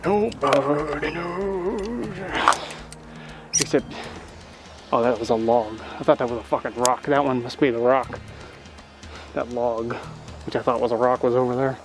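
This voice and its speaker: A man's voice: medium pitch, steady tone, a little slow, long pauses, over music. A man chatting casually and profanely, joking around outdoors at a lake while fixing a boat. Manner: profane, joking, laughs often. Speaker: boat owner and vlogger.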